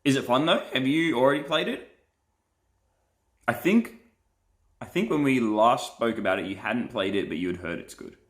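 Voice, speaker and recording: A man's voice: mid-range voice, lively intonation, moderate pace, pauses often. A young man, a pastor and live streamer, chatting casually and playfully as he reads viewer comments and laughs often.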